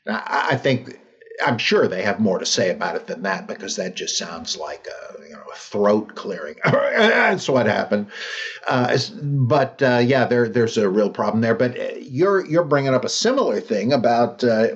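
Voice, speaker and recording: A man's voice: mid-range voice, animated, moderate pace, husky, dull audio. A man hosting a podcast, answering listener questions in a wry, rambling way with many fillers and restarts. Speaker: podcast host.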